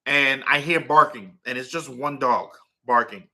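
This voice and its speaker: A man chats loosely on a livestream, circling back over his words with plenty of "like" and "um" and breaking off to coo at his dog. His voice is very bright and sharp-edged, with a tense, forceful ring, at a middle pitch. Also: a little slow. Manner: rambling, filler-heavy, talks to his dog and chat. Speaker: livestream host. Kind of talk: casual livestream chat with viewers.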